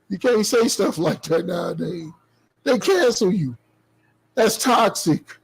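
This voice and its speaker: A man with a high voice talks slowly and tells stories in a laid-back way. His talk is loose, slangy and profane, full of casual asides. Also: expressive, vocal fry, slight background noise, low-quality recording. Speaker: podcast co-host. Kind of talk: casual chat.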